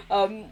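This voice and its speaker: A woman from England with a posh English accent, chatting casually while playing a game on stream, giggly and sweary. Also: sits high. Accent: posh southern English. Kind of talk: casual live-stream chat while gaming.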